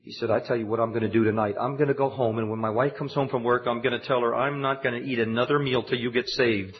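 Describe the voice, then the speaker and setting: A man preaching a sermon, telling a personal story and building to high, emphatic exhortation. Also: steady tone, fast. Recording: dull lo-fi recording.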